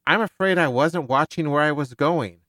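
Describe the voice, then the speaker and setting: A man reading aloud as a composed female starship captain, measured and cold. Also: a little high, bright, forceful tone, no echo, pitched above the performer's own voice. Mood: smooth polite. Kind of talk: reading a novel passage aloud.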